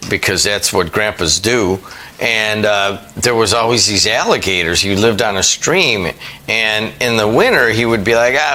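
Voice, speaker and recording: A man's voice: fairly low pitch, pushed and bright, low-quality recording. A middle-aged man hosting a local radio talk show, chatting easily with a Northwest Indiana accent, in a studio. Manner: easygoing, chatty, with many restarts. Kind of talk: casual radio chat. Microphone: studio microphone.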